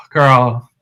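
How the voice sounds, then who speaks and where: A man co-hosting a podcast, telling a wild story in casual chat, animated, cursing often and calling his friends "girl". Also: a little high, slightly rough, rough recording. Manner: animated, swears freely, calls friends "girl". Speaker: podcast co-host.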